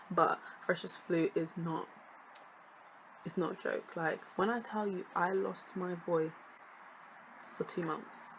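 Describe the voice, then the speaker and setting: A woman's voice: medium pitch, slight background noise, low-quality recording. A young woman, a student vlogger chatting casually to camera, sassy and jokey with lots of laughing asides. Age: young adult.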